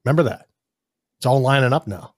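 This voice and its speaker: A man's voice: mid-range voice, a little fast, no room sound, clean studio sound. A man hosting a talk show, teasing a caller with mocking questions. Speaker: host. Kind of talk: casual talk show banter.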